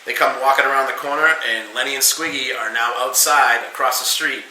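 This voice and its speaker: A man on a podcast telling a wild bartending story, animated and profane, acting out every line he quotes. His voice is very bright and forward. The room sounds echoey. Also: medium pitch, a little fast, slight background noise. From New England. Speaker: podcast guest. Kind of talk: casual storytelling.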